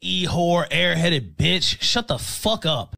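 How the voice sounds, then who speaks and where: Angry male streamer, profane rant, bright tense voice. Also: fairly high pitch, expressive, slow pace, creaky, rough recording. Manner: ranting, furious and profane. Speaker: streamer in played clips.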